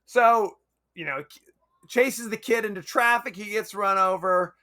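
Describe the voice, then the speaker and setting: A man's voice: high voice, measured pace, bright, forceful tone. A man co-hosting a podcast, chatting casually and animatedly about a movie, often laughing and acting out lines. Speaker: podcast co-host.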